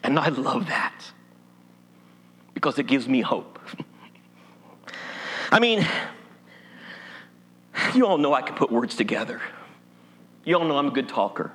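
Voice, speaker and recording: A man's voice: medium pitch, lively intonation, slow pace, pauses often, fairly bright tone. A male pastor from Appalachia preaching a sermon in a church, folksy and humorous. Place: church sanctuary. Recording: long hall reverb.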